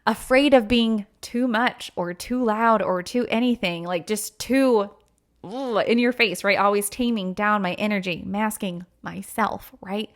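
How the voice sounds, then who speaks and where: A woman hosting a faith podcast, talking earnestly and emotionally about her own experience, with many fillers and acted-out quotes. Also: a little slow. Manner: acts out quoted voices with sudden pitch jumps. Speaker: podcast host. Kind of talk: personal faith podcast monologue.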